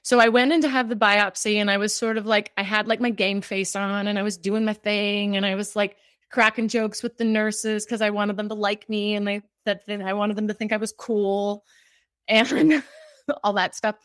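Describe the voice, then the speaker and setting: A woman's voice: mid-range voice, steady tone, normal speed, fairly bright tone, clear, resonant tone, dry recording, studio quality. Heartfelt rambling woman storyteller. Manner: heartfelt, rambling, many fillers like "like". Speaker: cancer survivor guest. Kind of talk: personal storytelling in conversation.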